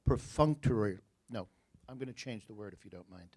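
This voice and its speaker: With a lowish, somewhat mellow voice and a breathy edge, a New Jersey-accented man serves as a spelling bee pronouncer. He delivers each word, its definition and an example sentence in a careful, measured way, tossing in jokes along the way.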